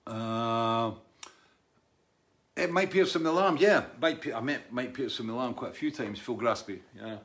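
A man's voice: mid-range voice, measured pace, fairly bright tone. A man in his sixties, a musician, casually answering viewer questions from his studio in a rambling, anecdotal way full of restarts and asides.

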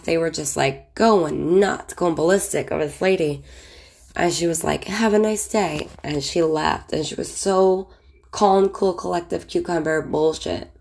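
Woman, 30s, vocal fry, deep voice; relaxed, candid storyteller full of fillers. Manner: chatty and candid, with frequent fillers and laughs. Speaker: vlogger. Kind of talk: casual storytelling, recalling childhood.

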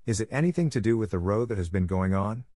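An eager, gossipy schoolgirl, put on by a man reading a storybook, in a low voice close to his own. The sound is dry. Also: expressive, fast talker, mellow, dry recording.

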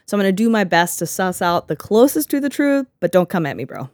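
A woman's voice: mid-range voice, sing-song, fast, darkish tone, no room sound. A woman hosting a podcast in casual chat, sarcastic and often laughing, on a close mic. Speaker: podcast host.

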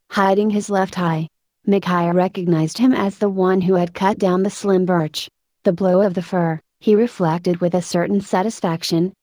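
A woman narrating a story in a steady, even storytelling manner. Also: mid-range voice, no room sound, clean studio sound. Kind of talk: audiobook narration.

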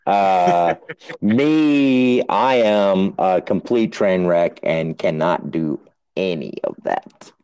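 A man's voice: deep voice, lively intonation, drawn-out words, a little mellow, smooth, poor audio. A man hosting a podcast in casual chat, swearing and running himself down. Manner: swearing, self-deprecating. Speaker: podcast host.

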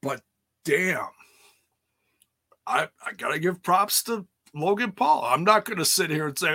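A man talks loosely and candidly, like he is thinking out loud while recapping a wrestling show. His voice has a bright, forward tone. The sound is dry and close, with little room around it. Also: a little high, lively intonation, measured pace, creaky, pauses often, breathy edge, dry recording. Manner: rambling, candid, swears casually. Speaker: wrestling commentator. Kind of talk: casual chat recap.

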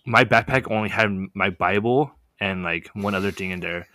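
A young man telling a story in a casual chat, animated and full of fillers. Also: on the low side, normal speed, no room sound, studio quality. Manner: animated, many "like" fillers, laughs often. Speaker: podcast guest telling a story.

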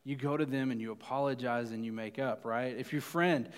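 A man's voice: mid-range voice, fairly even intonation, brisk, clear, resonant tone. Young guy youth pastor, chatty sermon, mid voice, big hall echo. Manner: casual, chatty, often asks "right?". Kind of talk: youth sermon with personal story.

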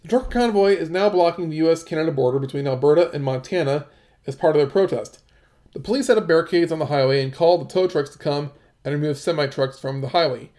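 Guy reading news stories off the screen, kinda high voice, lots of ums and restarts. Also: darkish tone. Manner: halting, with many fillers and restarts. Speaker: commentator. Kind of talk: reading and commenting on news articles.

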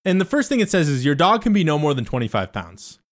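A man, a stand-up comedian, casually telling a rambling story, swinging between loud asides and muttered remarks with loose, profane phrasing. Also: on the high side, sing-song, fast talker. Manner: loose and profane, lots of fillers and restarts.

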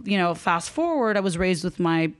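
A young adult woman, a guest life coach, telling her story in a chatty, animated podcast interview and laughing often. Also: lowish voice, normal speed.

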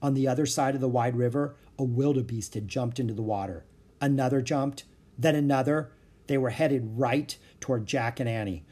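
Audiobook narrator, man, husky mid-pitched voice, lively children's storytelling. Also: normal speed.

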